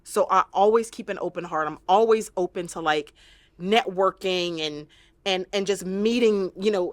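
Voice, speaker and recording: Here a woman speaks at normal speed in a medium pitch, with no room sound. She is a trauma-focused therapist being interviewed, earnest and reflective, sometimes slipping into the voices of those she quotes.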